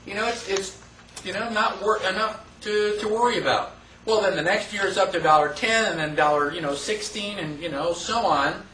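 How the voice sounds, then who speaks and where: A man teaching a live class in a casual, conversational way, asking the room rhetorical questions and acting out quick mock quotes. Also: high voice, bright, forceful tone, slight background noise. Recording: echoey room from far off.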